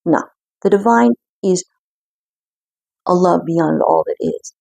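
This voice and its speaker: A woman with a low, gravelly, husky voice gives an intuitive card reading. She speaks earnestly and reflectively, pausing often to gather her thoughts. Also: dark tone, no echo. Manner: earnest, reflective, with frequent pauses. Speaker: spiritual card reader.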